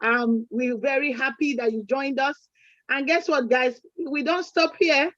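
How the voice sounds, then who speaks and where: A woman's voice: sits high, fairly even intonation, measured pace, fairly bright tone, no room sound. A woman co-hosting a community event, chatty and full of proverbs, restarting her sentences often. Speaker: event co-host. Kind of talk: closing remarks at a community event. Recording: dull lo-fi sound.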